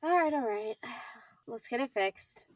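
A brisk, cheerful young medic soothing a patient with an easy bedside manner, voiced by a teenage girl. The voice rides fairly high. The recording is dry and the mic sits a little far off. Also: expressive, no echo. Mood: reassuring. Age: teens. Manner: bright, reassuring bedside manner.

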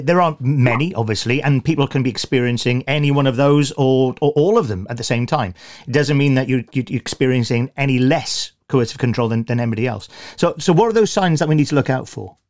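A man hosting an interview, asking questions in a conversational way with halting restarts. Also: medium pitch. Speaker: host.

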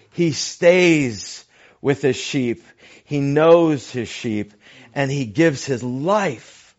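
A man preaching a sermon at an unhurried, measured pace, pausing over phrases. He often sinks to a soft, hushed tone for emphasis. The sound is a bit dull and lo-fi. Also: a little high. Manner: slow, deliberate preaching with dramatic drops to near-whispers. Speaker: pastor. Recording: dull lo-fi recording.

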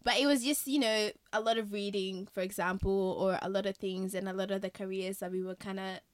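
A woman's voice: medium pitch, brisk, no echo. A young woman from Kenya with a slightly Australian-tinged Kenyan accent, hosting a casual podcast chat and telling stories with acted-out quotes and frequent laughs. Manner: animated storyteller, acts out quotes, laughs often. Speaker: podcast host.

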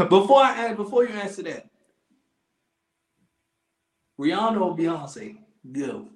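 A man with a high, very animated voice trades jokes in a relaxed conversation. He laughs a lot, repeats phrases and slips into quoted voices. The sound is roomy and echoey. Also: moderate pace. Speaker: podcast co-host. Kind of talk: casual chat.

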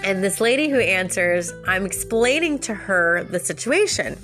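Woman, casual storytime vlog, animated, pitch leaps when indignant, soft music behind. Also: normal speed. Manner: animated, jumps high in pitch when retelling her outrage, laughs often. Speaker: vlogger.

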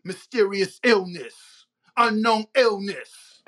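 Man, podcast host, angry rhetorical rant, bright voice. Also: high voice, slow pace. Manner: heated, profane, rhetorical questions. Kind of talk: ranting monologue.

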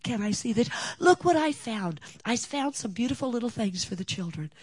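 Woman doing a delighted old neighbor lady, high and breathless, dry close sound. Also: animated, moderate pace, darkish tone, husky, no room sound. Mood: eager. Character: gushing, grateful elderly woman neighbor.

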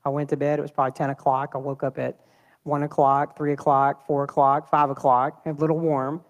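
A man preaching a sermon in a church, talking in a lively, conversational way and throwing rhetorical questions at the congregation. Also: a little high, brisk, big-room sound. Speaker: pastor.

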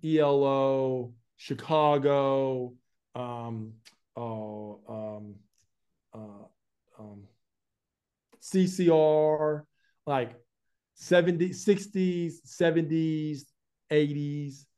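A young Floridian man, a YouTube advertising specialist appearing as an interview guest, talks in a fairly high voice, very slowly and with frequent pauses. His accent blends American and Australian, and he's relaxed and chatty, dropping "man" and "like" constantly.

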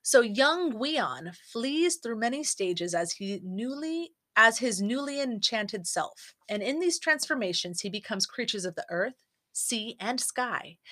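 A woman's voice: a little high, expressive, measured pace, fairly bright tone. Earnest woman sharing reflective lessons. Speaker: podcast co-host. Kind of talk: casual chat, reading mythology lessons.

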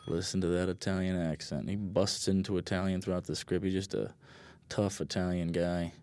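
Deep-voiced man rambling through a film commentary. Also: little pitch movement, normal speed, darkish tone, a little hiss or hum. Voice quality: rambling, lots of fillers, laid-back and blunt. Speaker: film director giving commentary.

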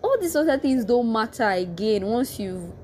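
Young nigerian woman chatting away, soft warm tone, keeps laughing mid sentence. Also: a little high, normal speed, slight background noise. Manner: animated, laughs often, frequent restarts. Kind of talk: casual storytelling.

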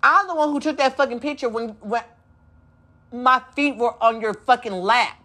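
A podcast host with a fairly high, sharp-toned voice talks at normal speed. She delivers an angry, profane, confrontational monologue, mocking others by putting on quoted voices.

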